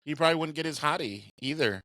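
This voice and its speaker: A man's voice: on the high side, lively intonation, fast talker, pushed and bright, dry recording. A man co-hosting a sports podcast, chiming in with short wry remarks in casual chat. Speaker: podcast co-host.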